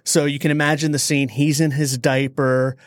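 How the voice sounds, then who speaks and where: A man co-hosting a podcast, telling a story in a lively, dramatic way. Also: on the high side, no echo, clean studio sound. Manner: animated storyteller, dramatic pauses. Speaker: podcast co-host. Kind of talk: casual storytelling chat.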